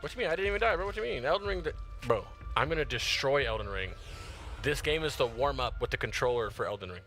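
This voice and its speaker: Excitable man streaming a game over music. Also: mid-range voice, fast talker. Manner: excitable, chatty, slangy. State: tired. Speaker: gaming streamer. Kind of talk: live gameplay commentary.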